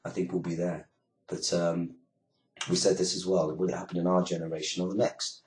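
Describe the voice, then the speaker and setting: A British man hosts an internet radio show in a loose, ranting monologue. His voice sits very low, and he wanders through fillers and sarcastic asides. He swears freely as he talks. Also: level tone, brisk, a little mellow.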